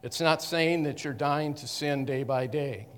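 A man teaching the Bible to a congregation in a conversational way, pausing and correcting himself often. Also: a little high, a bit bright, a little hiss or hum. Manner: halting, with frequent restarts and self-corrections. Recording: long reverb of a hall.

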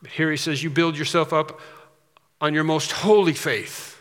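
A man's voice: a little high, fairly even intonation, normal speed, fairly bright tone. A man preaching a sermon as pastor, emphatic, repeating phrases and rising on key points. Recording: reverberant hall.

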